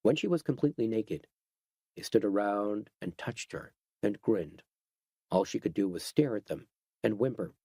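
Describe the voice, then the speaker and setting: A man's voice: on the low side, normal speed, warm tone, no echo. Male audiobook narrator, dry sound. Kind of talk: scripted horror narration.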